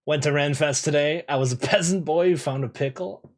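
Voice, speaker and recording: A young man streaming a game, chatting casually with viewers in relaxed slang, repeating phrases and laughing often. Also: fairly high pitch, a little fast. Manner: laid-back slang, lots of laughing and repeating himself. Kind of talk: casual gameplay streaming, reading chat.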